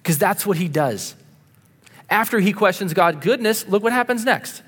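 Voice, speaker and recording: Male pastor delivering a sermon, insistent, slightly high voice, long church echo. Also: lively intonation, moderate pace, slightly rough. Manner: earnest and insistent, shifting between punchy emphasis and quiet asides.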